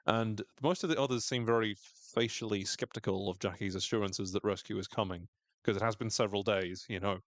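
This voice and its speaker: On a dry recording, a man with a fairly low, steady voice speaks a little fast. He's co-hosting a podcast, casually recapping a show and playfully doing character voices, often raising his voice to mimic them.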